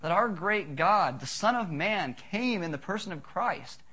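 Animated male pastor preaching a sermon. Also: sits high, measured pace, slightly rough. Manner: animated storytelling, shifting from loud to hushed.

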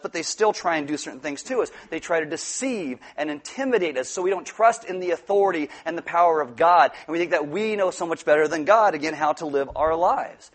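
Male pastor, higher voice, lively sermon with jokes and acted quotes. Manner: animated, joking, acts out quotes.

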